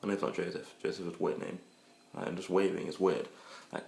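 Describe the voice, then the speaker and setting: A man with a very low voice rambles through crude, joking advice, full of fillers and asides. He sounds like he is in an echoey room, as in a homemade video. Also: lively intonation, fast talker, creaky, a little mellow. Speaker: vlogger giving dating advice. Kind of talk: casual comedic monologue.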